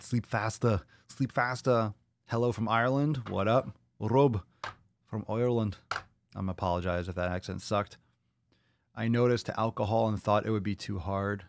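A man's voice: fairly low pitch, vocal fry, dry recording, studio quality. A man hosting a live podcast, swearing and joking loosely while reacting to viewer comments. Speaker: podcast host. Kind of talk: live-stream podcast chat.

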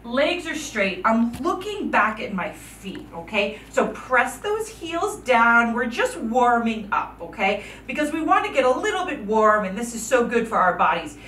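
An unhurried woman with a slightly high, sing-song, fairly bright voice runs a guided yoga class for kids, barely pausing as she counts moves and offers cheerful encouragement. Slight background noise comes through, and she sounds distant in an echoey room.

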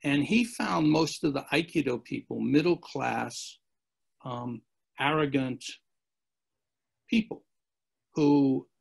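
A man's voice: medium pitch, slow, gravelly, long pauses, slightly rough. A man as an interview guest, telling long rambling anecdotes and acting out the quotes. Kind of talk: storytelling in a podcast interview.

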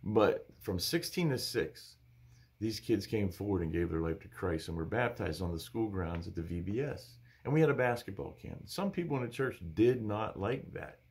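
Man, pastor, fairly low voice, emphatic animated preaching, Bible teaching. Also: moderate pace. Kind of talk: sermon-style Bible teaching.

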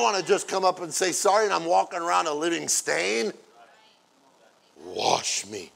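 A man preaching as a pastor, acting out everyday scenes in playful quoted voices and building from quiet asides to loud, drawn-out exclamations. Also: high voice, expressive, gravelly. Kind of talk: sermon.

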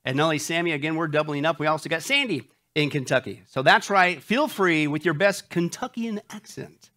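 A male pastor addressing his congregation in a fairly high voice, upbeat and full of jokes. He gives announcements and leads prayer, with a habit of saying "that's right". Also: fairly quick, pushed and bright. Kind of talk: church announcements and opening prayer. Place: church sanctuary before a live congregation.

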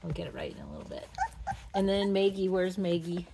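Woman dog breeder, casual vlog, low voice, gravelly fry, indoor pen, phone camera, faint puppy noises behind. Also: huge pitch swings, a little fast, warm tone, slight background noise. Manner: chatty, coos at the puppies in a high baby voice. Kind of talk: casual vlog, showing puppies.

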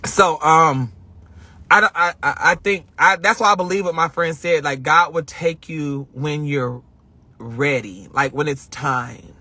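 A woman's voice: low-pitched, measured pace, bright, forceful tone, husky, no echo. A young woman hosting a live stream, telling a personal story in an emotional, rambling way and often repeating herself. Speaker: livestream host.

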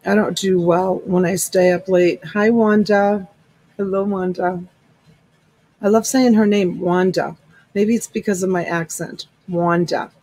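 A middle-aged woman hosts a live-stream resale in casual chat, greeting viewers by name and calling them honey and sweetheart. Her medium-pitched voice is warm, fairly even, and measured, captured dry and low-quality on a USB desk mic.

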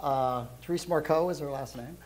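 A middle-aged man gives a casual church sermon, his voice on the high side for a man. He talks loudly and rambles, filling pauses with plenty of ums and uhs. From Brooklyn, New York, raised in Europe. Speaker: guest preacher.

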